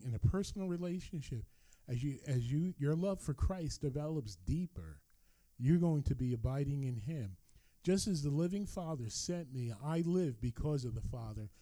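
A man preaching in a dry, close-miked sound, his voice mellow and a little higher than most. He reads scripture with lively swings of pitch and adds his own asides between verses. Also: dry recording. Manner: expressive Bible reading with asides, animated rises and drops in pitch. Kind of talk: sermon.

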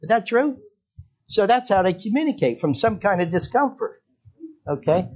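A man's voice: high voice, very animated, normal speed, muffled recording. A man preaching a sermon in a church, talking with the congregation and putting questions to them. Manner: conversational, asks the congregation questions. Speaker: pastor.

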